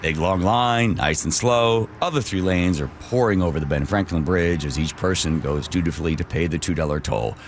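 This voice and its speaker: Low-voiced man telling a dramatic story. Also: normal speed, hardly any pauses, slight background noise. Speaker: radio host. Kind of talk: storytelling on talk radio.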